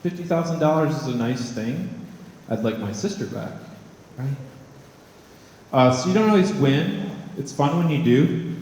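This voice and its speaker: A man's voice: fairly high pitch, animated, a little slow, pauses often, darkish tone, slight background noise. A man, an artist and college professor, giving a wry, joking, conversational talk to an audience in a large hall. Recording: echoey hall with long reverb.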